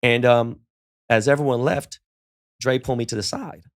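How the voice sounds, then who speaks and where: A middle-aged man speaks at a moderate pace with a medium-pitched voice. He's a guest on a podcast, casually telling laid-back, profane stories and acting out the dialogue within them.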